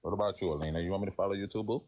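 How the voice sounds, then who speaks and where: Fast-talking deep-voiced joking man. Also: darkish tone. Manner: joking, flirty, provocative. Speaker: guest caller in a livestream debate. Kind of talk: casual trolling banter.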